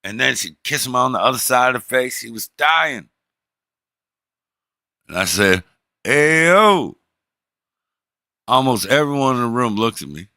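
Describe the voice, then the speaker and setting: A middle-aged man streaming, telling a story in a profane, animated way and acting out the people in it. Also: medium pitch, moderate pace, pauses often, dry recording, studio quality. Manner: profane, animated, acts out the people in his stories. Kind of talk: casual storytelling.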